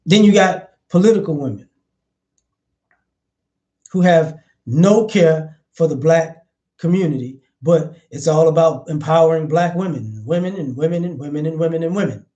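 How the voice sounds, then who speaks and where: High-voiced blunt male commentator. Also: moderate pace, a little mellow, highs cut off. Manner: blunt, profane, emphatic with repeated hammering phrases. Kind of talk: opinionated commentary vlog.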